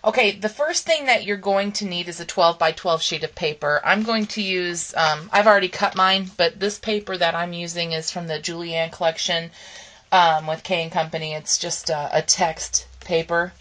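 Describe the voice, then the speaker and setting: A woman's voice: lowish voice, moderate pace, a bit bright, poor audio. A woman hosting a casual papercraft tutorial, talking through each step with ums and okays while she is losing her voice. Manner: chatty step-by-step instructions with frequent ums and okays. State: losing her voice, clearing her throat. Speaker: crafting channel host.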